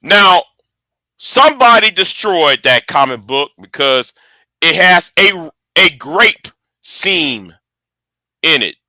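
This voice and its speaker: A man giving casual rambling commentary, excitable and cursing often, stumbling over and repeating his words. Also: on the high side, slow, pauses often, no room sound. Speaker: online commentator.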